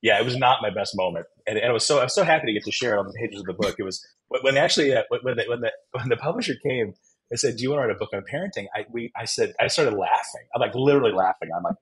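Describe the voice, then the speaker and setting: Husky, self-deprecating middle-aged man. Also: mid-range voice, lively intonation, rapid-fire, rough recording. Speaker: guest author. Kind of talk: animated storytelling.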